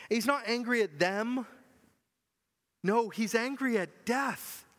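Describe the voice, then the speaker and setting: A man preaching a sermon as pastor, earnest and often dropping to a soft, low voice. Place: church hall. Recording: long hall reverb.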